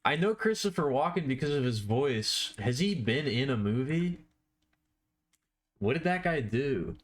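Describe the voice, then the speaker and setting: A man's voice: medium pitch, animated, measured pace. A man chatting casually on a live stream while he draws, rambling and self-deprecating, with offhand swearing.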